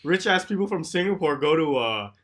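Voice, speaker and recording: A man's voice: fairly high pitch, animated, fairly quick, a bit bright. A man co-hosting a casual podcast chat, laid-back and agreeable, swearing casually. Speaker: podcast co-host.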